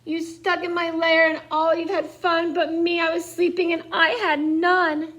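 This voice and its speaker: A woman's voice: extremely high pitch, flat delivery, measured pace, fairly bright tone, voice pushed up, poor audio. A woman voicing a grumpy, whining bear in a storybook read-aloud. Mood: sulky.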